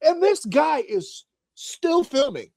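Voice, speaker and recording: This man's voice is extremely high-pitched and slow, with no room sound in the dry, close recording. He's a podcast host engaged in casual comedic chat, telling stories animatedly, doing voices and laughing often.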